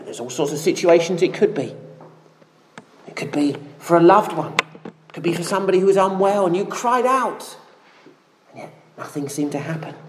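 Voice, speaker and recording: An earnest preacher delivering a sermon, the voice swinging widely up and down as quoted prayers are given real feeling. It is recorded in an echoey church room, with faint noise in the background. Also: mid-range voice.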